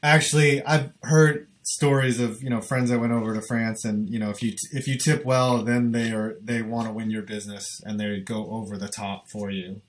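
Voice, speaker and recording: A man's voice: fairly low pitch, fairly even intonation, normal speed, few pauses. A man co-hosting a live sports talk stream, bantering casually and joking irreverently. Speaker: co-host.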